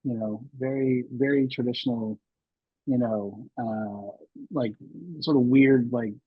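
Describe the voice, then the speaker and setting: A man's voice: medium pitch, fairly even intonation, takes it slowly, slightly rough, no room sound, narrow, tinny audio. A man in his sixties telling personal stories as a podcast guest, rambling with many restarts and fillers. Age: 60s. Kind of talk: candid interview storytelling.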